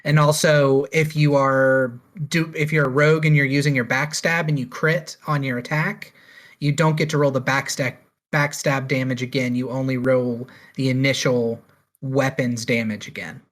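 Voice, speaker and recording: Male podcast co-host, mid-pitched, plain, matter-of-fact news relay. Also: fairly even intonation, normal speed, fairly bright tone. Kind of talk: casual chat.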